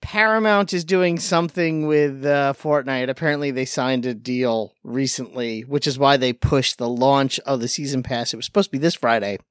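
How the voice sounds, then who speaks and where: A man's voice: mid-range voice, normal speed, few pauses, clear, resonant tone, no echo, studio quality. A man co-hosting a casual gaming podcast, talking in a wry, sarcastic, joking way. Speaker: podcast co-host. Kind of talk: casual chat.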